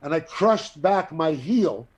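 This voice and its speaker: An older man, an actor and guest, telling a long anecdote in a casual, profane, animated way. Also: on the high side, takes it slowly. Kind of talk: casual storytelling.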